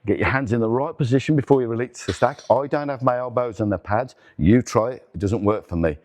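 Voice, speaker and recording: A man's voice: medium pitch, fairly quick, a little mellow, slight background noise. A middle-aged man hosting a workout demonstration vlog in a gym, counting reps aloud and swearing and groaning as he strains through sets. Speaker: gym owner and host. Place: indoor gym.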